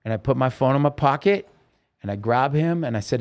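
A man's voice: mid-range voice, expressive, fairly quick. A man, a podcast guest, urgently recounting a personal story in vivid, present-tense detail.

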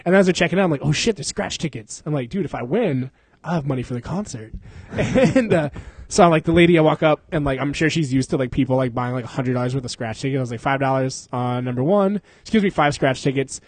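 A man's voice: mid-range voice, fast, no room sound. A young man casually telling a rambling story to friends, laughing often and swearing.

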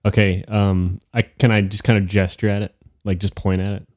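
A man's voice: on the low side, flat delivery, moderate pace, darkish tone. A man playing a tabletop game, talking hesitantly with many fillers and reading out spell rules. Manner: hesitant, filler-heavy, reads rules aloud. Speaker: player. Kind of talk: casual tabletop game chat.

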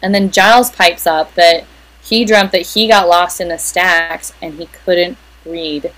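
A woman's voice: on the low side, fairly even intonation, unhurried, fairly bright tone, low-quality recording. A woman co-hosting a podcast, casually recapping the plot of an episode scene by scene. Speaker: podcast co-host. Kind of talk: casual chat.

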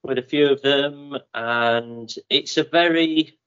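A man's voice: mid-range voice, slow pace, fairly bright tone, clean tone, lo-fi sound. A man co-hosting a running podcast, telling a rambling, playful anecdote. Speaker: podcast co-host. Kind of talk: casual chat.

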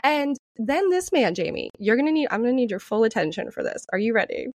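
A woman tells a story on a podcast in a loose, chatty way, swearing as she goes and laughing often. Her voice sits a little high and swings widely up and down. The sound is dry and close, with no room around her. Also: very animated, quick pace, a little mellow, no room sound. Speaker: podcast co-host. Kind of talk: casual storytelling chat.

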